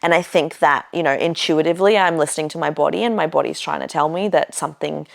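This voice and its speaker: A woman's voice: low-pitched, quick pace, vocal fry. A woman podcast host casually telling a personal story, chatty, with lots of "like" and "you know" and the odd swear.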